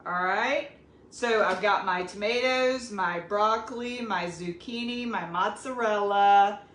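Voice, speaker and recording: A woman's voice: mid-range voice, slow, fairly bright tone. A woman with a Southern US accent hosting a casual cooking demonstration, chatting straight to her viewers. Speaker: cooking video host. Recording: echoey room with faint background noise.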